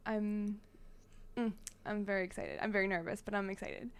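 A young woman co-hosting a podcast in casual chat, excitable and quick to gasp and laugh, swearing casually. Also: mid-range voice, clean tone. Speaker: podcast co-host.

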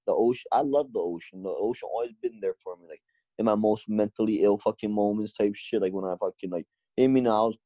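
A man's voice: lowish voice, warm tone, no echo, poor audio. A young man from Hawaii, a podcast guest in casual chat, rambling and swearing a lot. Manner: rambling, swears a lot, repeats "you know what I mean".

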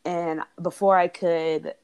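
Low-pitched woman on a podcast, chatting casually, heartfelt, laughing a lot. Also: flat delivery, takes it slowly, darkish tone, smooth. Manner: earnest and heartfelt, often laughing. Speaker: podcast co-host.

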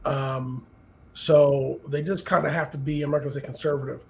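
Brief: man, gravelly mid-pitched voice, measured podcast co-host, faint noise behind. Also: level tone, poor audio. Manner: measured, thinking aloud with many "um"s. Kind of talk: casual wrestling podcast chat.

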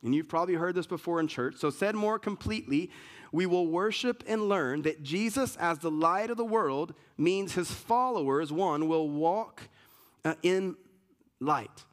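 A man preaching a sermon as pastor, telling a story in an animated way, with frequent restarts and fillers. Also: fairly high pitch, measured pace. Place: church sanctuary with congregation.

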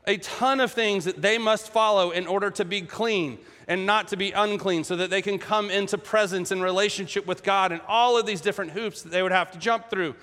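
High-voiced male preacher, echoey hall. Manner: casual, humorous, animated. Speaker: pastor. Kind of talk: sermon.

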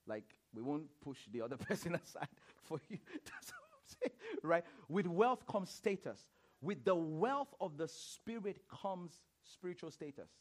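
Male preacher, sermon, high voice, swooping animated delivery, faint music behind. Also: normal speed. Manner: animated, laughing, repeats phrases and asks the crowd.

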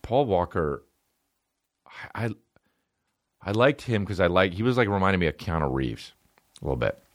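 A man hosting a comedy podcast, rambling and swearing in a casual rant that jumps between mumbled asides and sudden high-pitched outbursts. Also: sing-song, normal speed, no echo, studio quality. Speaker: podcast host.

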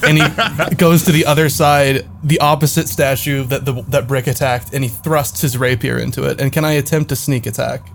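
A man's voice: medium pitch, fairly even intonation, a little fast, vocal fry, few pauses, a little hiss or hum. A man playing a tabletop game, narrating his own character's actions. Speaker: player.

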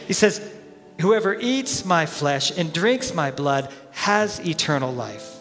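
A man preaching in a fairly high voice, animated, slipping into the voices of the people in his story. His words ring out with the long echo of a large hall. Soft music plays faintly beneath him. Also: takes it slowly. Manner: animated preaching, acts out crowd voices, chuckles often. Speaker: head pastor. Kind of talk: sermon.

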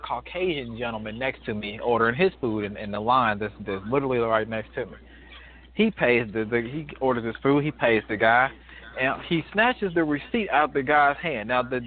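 Thirties male caller, tinny phone sound, animated storyteller who restarts often. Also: medium pitch. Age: 30s. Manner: emphatic, animated retelling with many restarts. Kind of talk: casual storytelling.

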